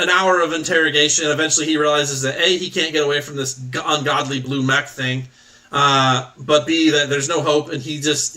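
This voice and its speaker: A man's voice: on the high side, bright, forceful tone, far from the mic, rough recording. A man narrating as game master in a rambling, casual way full of fillers. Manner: rambling, filler-heavy with lots of "like".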